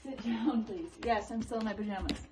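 A woman in her twenties vlogging at home, giving her dog commands in a raised pet-talk voice and chatting quietly to the camera. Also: on the high side, a little fast, background noise. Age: 20s. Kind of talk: casual vlog, training her dog. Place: home, indoors.

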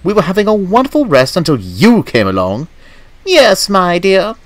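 A man putting on shrill, haughty old coaches. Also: wildly swooping pitch, normal speed, no echo. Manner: prim, whiny, shrieking complaints. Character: haughty fussy old female railway coaches.

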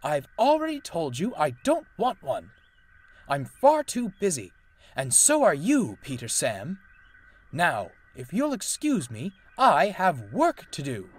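A man's voice: mid-range voice, big pitch swings, measured pace, breathy edge. A man voicing a grumpy old male steam engine who talks in a curt, snappish way. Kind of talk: storybook voice acting.

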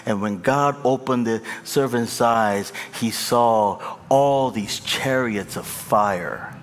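A man's voice: mid-range voice, moderate pace, slight background noise. A male pastor preaching a sermon, impassioned and conversational, with a long hall reverb on the voice. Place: large church hall.

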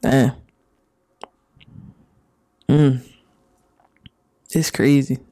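Mellow-voiced man reacting to messages. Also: medium pitch, fairly even intonation, no room sound. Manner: casual, profane, drawn-out reactions. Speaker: commentary YouTuber. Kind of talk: reaction commentary, reading messages aloud.

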